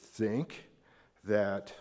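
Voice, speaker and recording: An American man preaching a sermon as a pastor, animated and acting out the people in the story with big jumps in voice. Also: extremely slow. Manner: animated, acts out quoted characters with big pitch jumps. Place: church sanctuary. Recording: long hall reverb.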